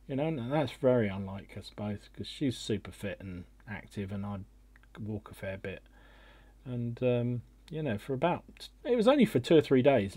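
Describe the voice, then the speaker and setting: A man's voice: mid-range voice, mellow, slightly rough, no echo. A middle-aged man hosting a casual chat podcast, rambling and self-deprecating with many restarts. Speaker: podcast host.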